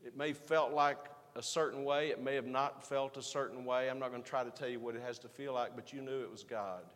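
A man's voice: medium pitch, fairly even intonation, fairly quick. Man preaching in a reverberant church. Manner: preaching with rising emphasis and quiet asides. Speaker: pastor. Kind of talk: sermon.

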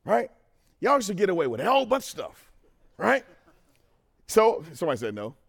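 Man, middle-aged, conference speaker, testimony sermon, casual crowd talk, fairly high voice. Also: a little fast, gravelly. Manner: animated, talks to the crowd, swings from quiet to loud.

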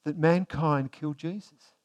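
High-voiced man preaching a sermon. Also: fairly even intonation, measured pace. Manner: asks the congregation rhetorical questions; swings between emphatic and hushed delivery. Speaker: pastor.

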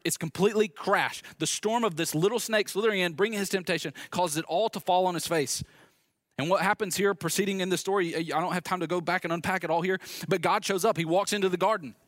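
A man's voice: medium pitch, a bit bright, dry recording, clean studio sound. A male pastor preaching a sermon in a conversational way, with wry asides.

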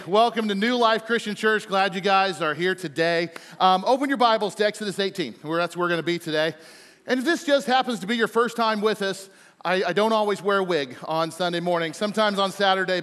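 High-voiced joking pastor in reverberant church. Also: male voice, a bit bright. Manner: chatty and playful, with frequent fillers and quick jokes. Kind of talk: casual, joking sermon to a congregation. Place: large church sanctuary. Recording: long hall reverb from a large church.

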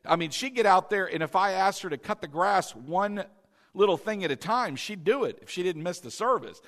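High-voiced, animated preaching man. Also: brisk. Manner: animated, calls the congregation to repeat after him. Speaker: pastor. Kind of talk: sermon.

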